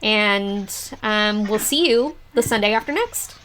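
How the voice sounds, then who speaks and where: Slow, halting woman game master. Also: mid-range voice, noisy background. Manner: slow, halting narration with fillers. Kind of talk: narrating a tabletop game.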